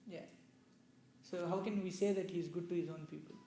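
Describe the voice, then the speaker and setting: A man's voice: high-pitched, fairly even intonation, brisk, mellow, faint music behind. A man giving a loose, conversational talk on scripture to a small audience, explaining with many asides and checking that listeners follow. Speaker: religious storyteller. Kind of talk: conversational scripture discourse with questions. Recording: echoey room.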